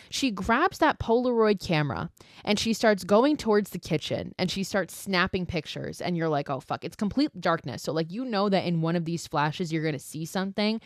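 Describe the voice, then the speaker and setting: A woman hosts a podcast and retells a horror movie scene by scene, swearing and adding her own asides. Her voice sits low for a woman. The recording is dry and close, with no room sound. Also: no echo. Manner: profane, animated storytelling with asides. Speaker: podcast host. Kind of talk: casual movie recap.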